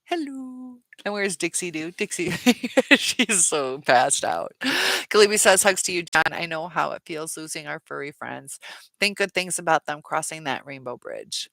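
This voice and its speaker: A woman's voice: sits low, normal speed, vocal fry, bright, forceful tone, no room sound. A woman hosting a live chat Q&A, reading viewer comments aloud and answering them in a chatty way with many fillers. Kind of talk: casual live-stream chat.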